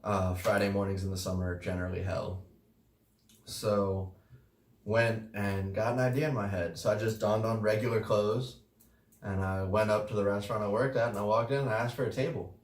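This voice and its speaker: A man's voice: lowish voice, fairly even intonation, moderate pace. A man co-hosting a casual podcast about restaurant work, telling a story in a laid-back, profane way with the odd chuckle. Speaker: podcast co-host, restaurant worker. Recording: roomy, distant mic.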